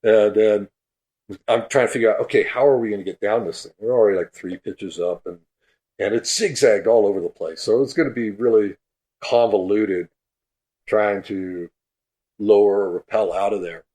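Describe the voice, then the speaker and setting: A man guesting on a podcast, telling an animated story and acting out the quoted voices, with laughter running through it. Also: lowish voice, moderate pace. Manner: laughs through his stories; acts out quoted speech.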